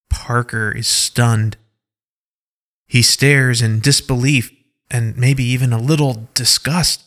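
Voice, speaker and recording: Slow, bright-voiced male story narrator. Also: mid-range voice, fairly even intonation.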